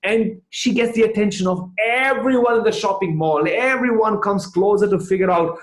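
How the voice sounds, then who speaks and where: A man's voice: high voice, moderate pace, hardly any pauses. A man giving a rousing, emphatic motivational talk and telling a story to his listeners. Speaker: motivational speaker. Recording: roomy echo.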